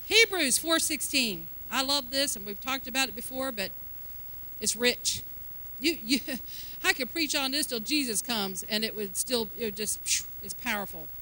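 Woman preacher, high and piercing, emphatic and folksy, questions the congregation. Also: expressive, a little slow, pushed and bright. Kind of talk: sermon.

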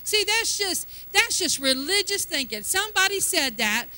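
Woman preacher, high and piercing, emphatic and folksy, questions the congregation. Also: sing-song, normal speed, bright, forceful tone. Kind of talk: sermon.

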